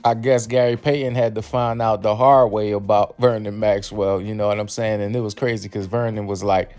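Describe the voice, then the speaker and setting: A male commentator recapping events in a loose, conversational way. His voice is lowish and smooth, with faint music playing behind him. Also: steady tone, fairly quick, hardly any pauses, a little mellow, no echo. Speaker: channel host, commentator. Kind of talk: commentary voice-over.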